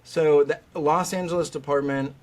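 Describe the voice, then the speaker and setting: Animated male vet on a podcast. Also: fairly high pitch, normal speed. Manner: animated storyteller, acts out quoted voices. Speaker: veterinary specialist guest. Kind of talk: podcast interview.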